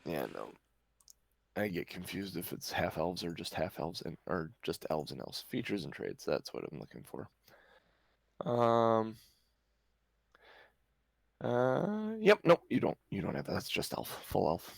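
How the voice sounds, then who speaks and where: A man's voice: low-pitched, sing-song, a little slow, gravelly, pauses often, no echo, low-quality recording. A man narrating as game master for a tabletop game, hesitant with many restarts. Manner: hesitant, lots of restarts and ums.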